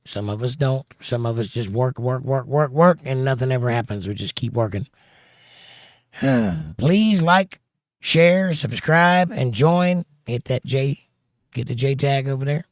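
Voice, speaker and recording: A man's voice: mid-range voice, a little mellow, no echo. Dry-voiced joking male stream host. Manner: jokey, chatty, quick to pun. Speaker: livestream host. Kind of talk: casual chat reading out viewer comments.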